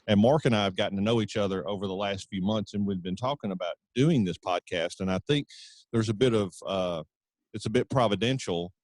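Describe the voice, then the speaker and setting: A man's voice: lowish voice, a little mellow, no room sound. A man hosting an interview podcast, friendly and chatty, with frequent fillers. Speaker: podcast host. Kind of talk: casual interview talk.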